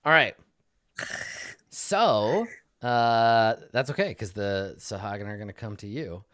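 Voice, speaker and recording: Male game master, energetic and chatty, pitch all over the place, dry mic. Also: takes it slowly, no room sound. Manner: animated, laughing, many fillers. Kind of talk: narrating a tabletop game.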